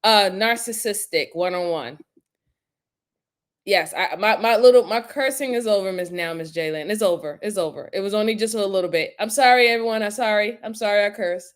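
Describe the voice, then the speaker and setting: A woman's voice: mid-range voice, normal speed. A woman hosting a crime commentary show, talking casually in an outspoken, exasperated way and then apologizing for her cussing. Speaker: host reacting to crime footage.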